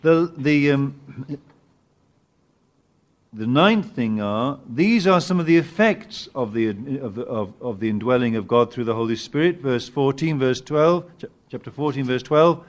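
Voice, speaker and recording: A man preaching a sermon, animated and emphatic at times, with halting restarts as he searches for words. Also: medium pitch. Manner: animated, rising to emphatic peaks.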